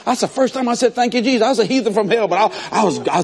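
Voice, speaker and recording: A man preaching a sermon as pastor, telling stories in an animated way with laughs. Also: high voice, rapid-fire, gravelly, hardly any pauses. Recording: echoey hall.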